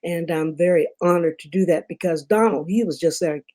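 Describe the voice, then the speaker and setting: Chatty Southern woman with a mellow voice. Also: fairly low pitch, a little fast. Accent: Memphis Southern. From Memphis, Tennessee. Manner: chatty storyteller, many fillers and asides. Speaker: guest, performer. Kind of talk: casual conversation.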